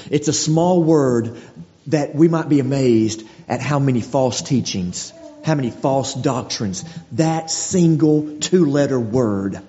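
A man's voice: medium pitch, warm tone. A man preaching a sermon in a conversational way, often restarting his phrases. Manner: conversational, with frequent restarts and acted quotes. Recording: dull sound with long hall reverb.

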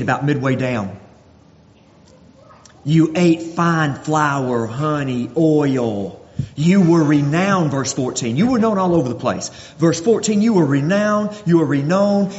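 A male preacher delivering an expository sermon, reading verse after verse and speaking God's words in a raised, fairly high voice. The recording is dull and lo-fi, with a long reverb tail from a large hall. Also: darkish tone, slight background noise.

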